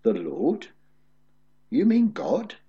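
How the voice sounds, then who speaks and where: A frantic, desperate man clinging to a branch above a drop yells for rescue in a high, strained voice, as a preacher puts him on in a sermon story. His pleas are high-pitched and lively against a dull, lo-fi recording. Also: extremely slow, gravelly, full character voice. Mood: pleading. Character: desperate man dangling from a cliff.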